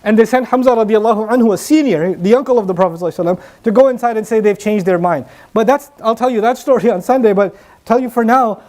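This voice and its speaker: A man's voice: high voice, fast talker, a little mellow. A middle-aged man preaching a sermon, earnest and building to emphatic repetition. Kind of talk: sermon to a live audience.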